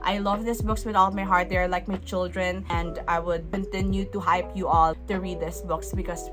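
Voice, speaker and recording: A woman's voice: on the low side, level tone, moderate pace, over music. A young woman reviewing books in a casual vlog, effusive and emphatic, repeating words for stress. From Philippines. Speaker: book vlogger.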